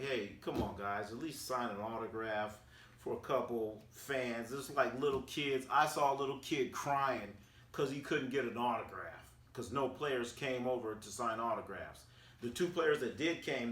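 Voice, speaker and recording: A man from Oakland in a casual storytelling recap, animated and acting out quotes with slang. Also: mid-range voice. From Oakland, California, USA. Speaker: sports vlogger. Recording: roomy sound, distant from the mic.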